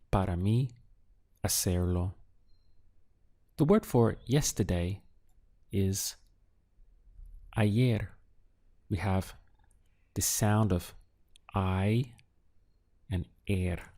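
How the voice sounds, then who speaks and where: Man teaching a lesson real slow, dark mellow voice, asks then answers. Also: deep voice. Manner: poses prompts, pauses, then gives answers syllable by syllable. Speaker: language teacher. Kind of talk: slow, deliberate audio language lesson.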